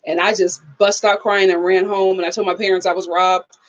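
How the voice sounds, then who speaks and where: A woman chats on a live stream in a lively storytelling way, acting out what people said and laughing often. Her voice sits at a middling pitch. The sound is slightly dull and lo-fi. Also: brisk. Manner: animated storyteller who acts out quotes and laughs often. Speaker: live-stream reviewer reading viewer comments. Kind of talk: casual live-stream chat.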